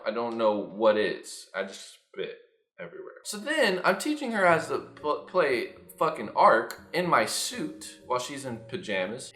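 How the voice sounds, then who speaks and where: Animated young man telling a story. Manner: animated, profane, jumps into loud high-pitched impressions. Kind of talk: casual storytime vlog. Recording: echoey room with faint music.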